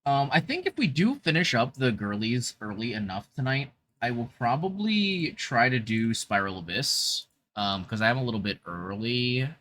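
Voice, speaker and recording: A man's voice: mid-range voice, big pitch swings, moderate pace, few pauses, fairly bright tone. A young man chatting casually on a gaming livestream into a desk mic, upbeat and full of fillers. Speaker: VTuber streamer.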